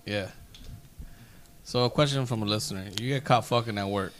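A man's voice: lowish voice, a little fast, slight background noise. A young man hosting a casual podcast, reading listener questions and reacting in short, slangy bursts. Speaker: podcast host. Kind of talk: casual chat.

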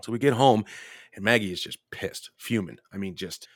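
Low-voiced man swearing through a story. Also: moderate pace, no echo, clean studio sound. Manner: profane, rambling anecdotes. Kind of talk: casual storytelling chat.

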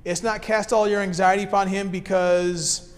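A man's voice: sits high, little pitch movement, moderate pace, big-room sound. A man in his thirties, a care pastor, preaching a sermon in an easygoing way, reading scripture and then explaining it plainly.

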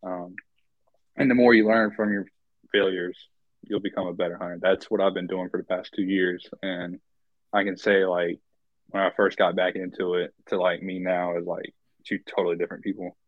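A low-voiced man from North Carolina guests on a casual podcast interview. He talks in an easygoing, hesitant way with many fillers. His audio sounds dull and lo-fi in a dry, dead space. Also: little pitch movement, normal speed, no room sound.

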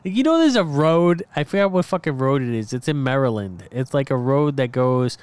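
A man's voice: mid-range voice, lively intonation, a little fast, darkish tone, clear, resonant tone, no room sound. A man co-hosting a casual podcast, telling anecdotes with lots of swearing and laughter. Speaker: podcast co-host. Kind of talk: casual chat.

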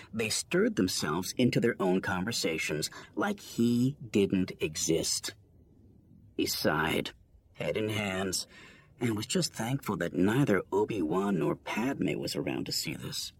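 A man narrates a storybook with a lively, wide-ranging pitch that rises and falls through each sentence. His delivery is expressive and theatrical, leaning into every line. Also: gravelly. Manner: expressive, shifts pitch for voices. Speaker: audiobook reader. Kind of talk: storybook narration with character voices.

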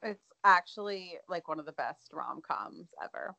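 A young woman casually chatting as a podcast co-host, chiming in with quick agreeing comments. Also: on the low side, animated, gravelly, pushed and bright, no echo. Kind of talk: casual chat.

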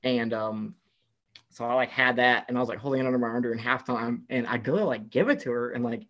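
Fast-talking young man telling a story. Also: medium pitch, dull audio. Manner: animated, rambling, heavy use of "like". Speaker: guest. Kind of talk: casual storytelling chat.

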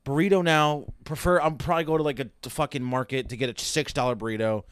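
A man's voice: medium pitch, steady tone, fast, clear, resonant tone, no echo. A young man giving casual, sarcastic reaction commentary with heavy swearing and rambling asides. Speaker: reaction video host.

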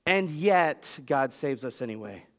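A man preaching a sermon as pastor, telling a story with lively swings in pitch. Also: a little slow. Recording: long reverb of a large hall.

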